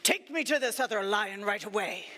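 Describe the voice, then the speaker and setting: A woman's voice: medium pitch, expressive, normal speed, sharp tone, pitched below the performer's own voice. A woman voicing a proud, hungry male lion who is impatient and demanding, telling a story in an echoey church sanctuary. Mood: indignant. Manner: indignant, punctual, commanding.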